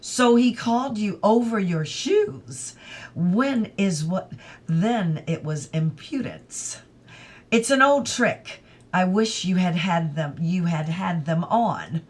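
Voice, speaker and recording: A woman's voice: on the low side, animated, slow. A woman reading aloud as a stern young English official, scolding and dictatorial. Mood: suspicious.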